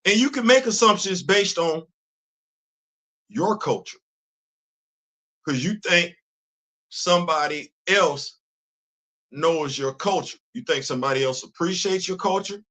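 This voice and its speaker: Animated but a little slow, with long pauses, this middle-aged host from the Bronx, New York, streams a casual monologue. His voice rings high, bright and forceful for a man, and he talks in emphatic street slang, restarting, repeating and circling back.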